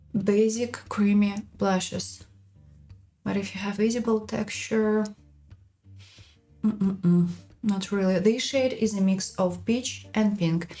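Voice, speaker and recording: A woman giving a frank, unhurried makeup product review as a beauty vlogger. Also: medium pitch, warm tone.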